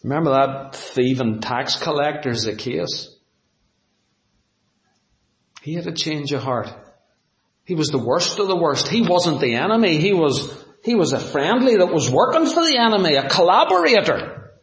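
A man's voice: a little high, big pitch swings, normal speed. Dramatic male preacher in an echoey room. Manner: dramatic, swings from loud to hushed; asks the audience rhetorical questions. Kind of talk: sermon.

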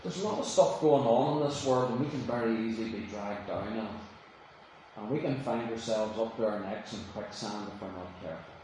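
A man's voice: on the low side, brisk, mellow, a little hiss or hum. A man preaching a sermon in a church, shifting between casual storytelling and emphatic, rising declarations. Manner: conversational storytelling with emphatic rises. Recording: echoey room, voice from a distance.

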